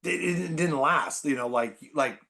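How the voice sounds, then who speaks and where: Animated man telling baseball stories. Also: on the high side, a little slow. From San Francisco Bay Area. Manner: animated, filler-heavy, constant "like". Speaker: podcast guest. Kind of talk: casual storytelling chat.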